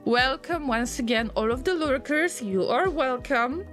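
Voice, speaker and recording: A woman streaming a game, chatting casually with viewers, easily distracted and prone to sudden excited alarm. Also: sits high, unhurried, faint music behind. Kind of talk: casual live-stream gameplay commentary.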